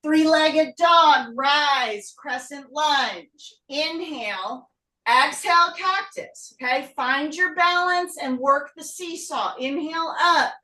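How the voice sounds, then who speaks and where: A woman's voice: high-pitched, slow, pushed and bright. A woman teaching a live online yoga class while doing the poses herself, giving short breathing and pose cues and sounding out of breath. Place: home room. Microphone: video call. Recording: echoey room, voice from far off.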